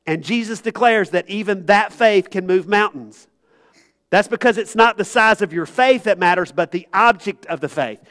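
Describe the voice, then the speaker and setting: Man, pastor, higher voice, earnest and conversational, talks right to the congregation. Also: moderate pace, a bit bright. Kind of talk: sermon. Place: church sanctuary.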